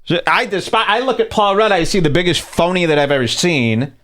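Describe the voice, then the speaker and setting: A man's voice: sits high, a little fast, a bit bright. A man hosting a podcast, ranting in a crude, mocking, sarcastic way. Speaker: podcast host. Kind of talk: ranting casual talk.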